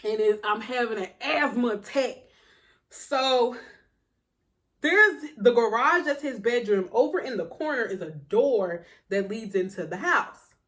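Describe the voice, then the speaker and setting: Brief: a young woman vlogger with a high voice, telling a personal story in a slangy, animated way. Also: unhurried. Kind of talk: storytime vlog.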